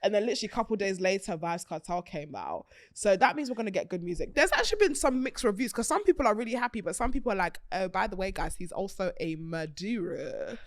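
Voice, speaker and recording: A woman hosting a podcast, talking in a chatty, animated way, laughing often and swearing freely. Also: medium pitch, racing, few pauses, dry recording, clean studio sound. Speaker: podcast host. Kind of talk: casual chat.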